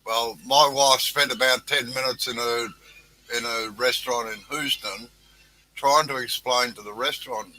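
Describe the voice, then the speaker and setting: A man's voice: mid-range voice, fairly even intonation, normal speed, sharp tone, rough recording. A man hosting a casual woodworking chat on a video call, bantering with dry jokes. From Australia.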